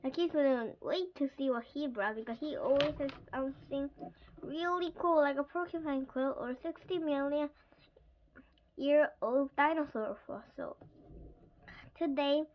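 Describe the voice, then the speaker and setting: A woman's voice: high-pitched, unhurried, highs cut off, a little hiss or hum. A woman reading a children's chapter book aloud expressively, chatting to young listeners. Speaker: reader.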